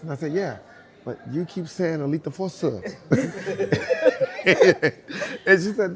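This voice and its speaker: A middle-aged man, a dancer telling a lively story and acting out the voices of the people in it. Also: fairly high pitch, slow pace, long pauses. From Brooklyn, New York. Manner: acts out both sides of dialogue, laughing often. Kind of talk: animated storytelling.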